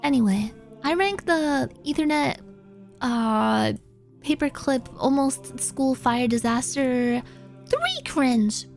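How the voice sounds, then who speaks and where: A streamer casually chatting and reading viewer confessions. She is animated, breaks into squeaky outbursts and swears freely. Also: slow, vocal fry, faint music behind.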